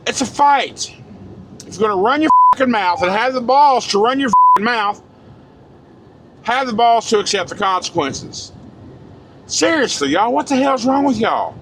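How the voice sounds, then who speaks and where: A man's voice: extremely high pitch, lively intonation, normal speed, long pauses. Fired-up man ranting in a truck. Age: 40s. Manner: blunt, profane, fired-up. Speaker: truck driver vlogger. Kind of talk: casual ranting monologue. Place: inside a truck cab. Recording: road noise from a moving truck.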